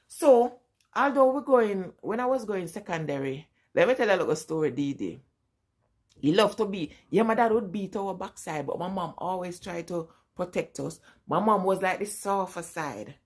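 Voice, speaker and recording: A woman's voice: fairly low pitch, lively intonation, normal speed, a little mellow, slightly rough. A middle-aged woman with a Jamaican accent telling family stories in a casual vlog, often breaking into laughter. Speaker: vlogger. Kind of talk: casual storytelling.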